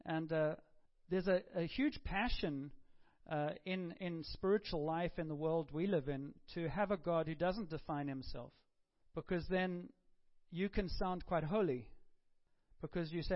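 A man's voice: a little high, a little slow, highs cut off. A man preaching a sermon in a conversational way, often stopping and repeating words.

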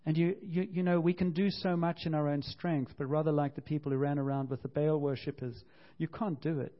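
A man's voice: on the high side, steady tone, a little fast, lo-fi sound. A man preaching a sermon with passion, often repeating himself and acting out the quotes he tells. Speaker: pastor.

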